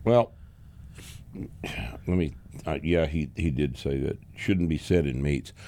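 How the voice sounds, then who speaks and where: A man's voice: rumbling low, slow pace, a little hiss or hum. A man hosting a podcast, chatting casually, swearing freely and laughing as he tells stories and answers listener questions. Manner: profane, laughing, animated storyteller. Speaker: podcast host.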